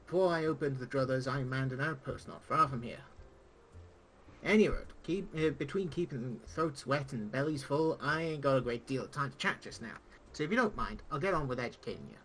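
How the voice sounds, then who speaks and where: A man voicing a gruff old male tavern keeper and former lancer, reading game dialogue aloud with pirate-esque speech. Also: mid-range voice, expressive, a little fast, fairly bright tone, slight background noise, lightly acted, low-quality recording. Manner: pirate-esque speech with dropped g's and "aye".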